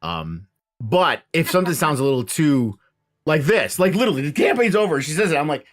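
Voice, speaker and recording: Rambling game master with a lively voice. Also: male voice, fairly high pitch, a little fast. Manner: rambling, filler-heavy, animated. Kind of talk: casual chat after a tabletop game.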